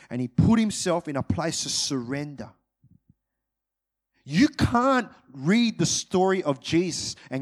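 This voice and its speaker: Guy preaching a sermon, highish voice, slow and deliberate, goes loud then real quiet. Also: sing-song. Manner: dynamic, swings from loud urgent peaks to hushed low delivery.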